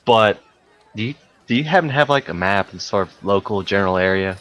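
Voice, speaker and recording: A man's voice: fairly low pitch, lively intonation, a little fast, a bit bright. A man playing a tabletop game, describing his character's exaggerated actions in a playful, hammy way. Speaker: player.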